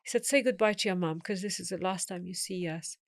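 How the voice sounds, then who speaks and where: A woman's voice: fairly low pitch, fast, no echo, clean studio sound. A middle-aged woman, a guest telling her life story in an interview, acting out the voices of the people she quotes.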